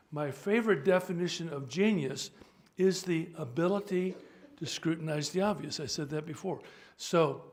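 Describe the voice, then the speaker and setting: Older male clergyman, informal teaching talk, wry asides, voice a touch high. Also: darkish tone. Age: 70s. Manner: chatty, joking, stops to sort out sound. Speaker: priest leading a workshop.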